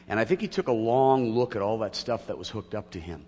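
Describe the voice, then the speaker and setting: A middle-aged male pastor preaching a sermon, telling a personal story with gentle humor before building into emphatic teaching. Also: on the low side, expressive, brisk, hardly any pauses, husky, long reverb tail.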